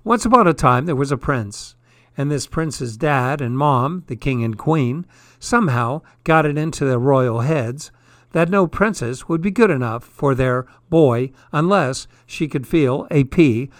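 A man reads absurd fairy tales with deadpan, wry asides. His voice sits a little high. The sound is dry and close. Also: measured pace, no echo. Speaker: storyteller. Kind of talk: comic storybook reading.

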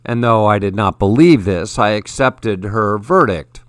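Slow, measured male storyteller. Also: lowish voice, animated, fairly bright tone, clean tone, dry recording, clean studio sound. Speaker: audiobook narrator. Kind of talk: first-person storybook narration.

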